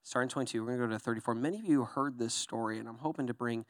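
A man's voice: mid-range voice, racing, dry recording, studio quality. A young adult man, a pastor, giving a conversational sermon, checking in with "okay?" and "right?" and acting out voices from the Bible story. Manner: animated storyteller, acts out voices in Bible passages.

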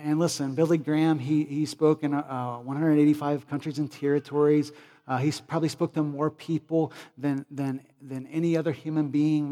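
A man preaching in a church, his voice a little high for a man. He goes from hushed, searching questions to loud, impassioned calls and prayer, and a long hall reverb trails each phrase. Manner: swells from quiet pleading to loud impassioned appeals. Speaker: pastor. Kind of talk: sermon with closing prayer. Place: church sanctuary.

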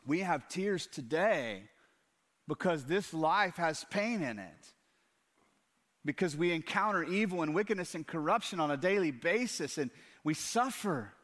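Lively preaching man, high-pitched. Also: unhurried. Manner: lively preaching with rhetorical questions and asides. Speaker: pastor. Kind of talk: sermon. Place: church hall.

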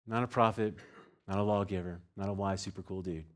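A man in his forties preaching a sermon in a conversational way, full of asides and "right?" checks, dropping soft and quiet for tender points. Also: low-pitched, fairly even intonation, brisk. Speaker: pastor.

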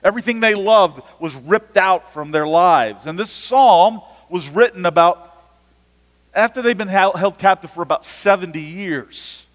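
Man preaching, earnest sermon, high voice, long hall echo. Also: unhurried, a bit bright. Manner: earnest preaching with repeated words and restarts. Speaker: pastor.

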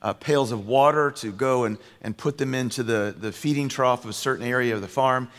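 A male pastor delivering a sermon in a relaxed, storytelling manner, full of fillers and self-corrections. His mid-pitched voice rings out with a long reverb, as if he is heard in a large church hall. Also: brisk. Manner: conversational storytelling with fillers and restarts.

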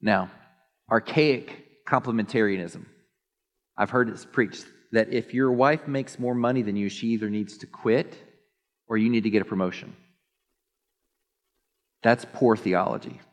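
A male pastor preaching a sermon in an animated, joking way, often mimicking others in a high voice. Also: measured pace, pauses often. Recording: long hall reverb.

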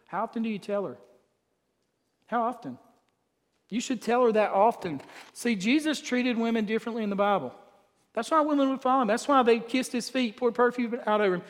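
High-voiced pastor in reverb. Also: male voice. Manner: folksy, conversational preaching with asides to the men. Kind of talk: sermon.

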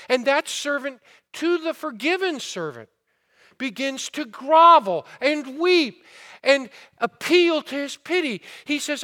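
A man's voice: very high voice, animated, a little slow, pushed and bright. A man preaching a sermon, asking the listeners rhetorical questions and retelling a parable with rising fervor. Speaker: pastor.

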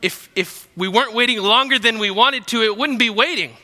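A man's voice: very high-pitched, brisk, pushed and bright. A young man preaching a sermon as pastor, talking in a conversational, joking way. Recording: long hall reverb.

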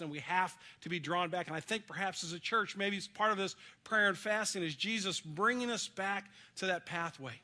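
A middle-aged male pastor with a high, bright voice delivers an earnest sermon. He moves between storytelling and soft, hushed moments of comfort. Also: normal speed, hardly any pauses.

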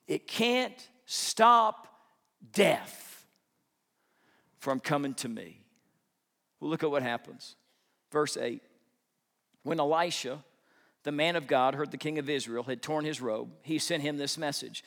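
A male pastor delivers a sermon in a high, bright voice. He is animated and conversational, acting out the people he quotes. Long reverb from a large sanctuary follows his words. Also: measured pace.

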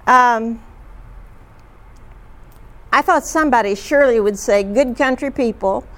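A woman leads a group discussion, retelling stories in a chatty, halting manner full of fillers. Her voice is a little high and has a fairly bright tone.

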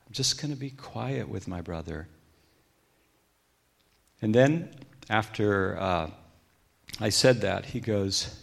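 Guest speaker, middle-aged man, low gravelly voice, reflective testimony delivery. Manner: reflective storytelling, quoting others in hushed tones. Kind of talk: personal testimony talk.

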